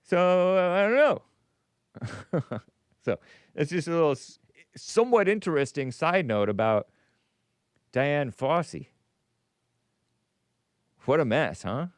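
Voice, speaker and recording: A man's voice: fairly high pitch, lively intonation, measured pace, long pauses, no echo. A man hosting a call-in show, rambling and musing aloud, breaking off mid-phrase and chuckling. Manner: rambling, self-interrupting, chuckling. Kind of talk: casual radio call-in talk.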